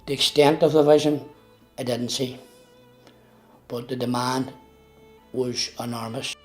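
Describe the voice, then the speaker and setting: Man, community worker, emphatic interview talk, mid pitch, faint music behind. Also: steady tone, measured pace.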